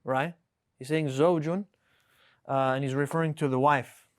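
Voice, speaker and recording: A man teaches an Arabic class in a classroom lesson, his mid-range voice fairly even in intonation and moderate in pace. He explains words patiently, reads example sentences aloud, and often checks in with students by asking "right?"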